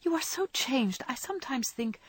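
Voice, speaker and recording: A woman's voice: high-pitched, animated, normal speed, slightly rough, no room sound, voice pushed up. A woman voicing an earnest young woman who lectures her friend, in a storybook reading. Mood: lecturing.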